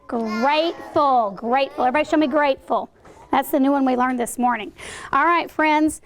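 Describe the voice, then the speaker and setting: A woman's voice: sits high, fast. A woman teacher in a classroom, teaching vocabulary to young children, asking questions and encouraging them to act out words.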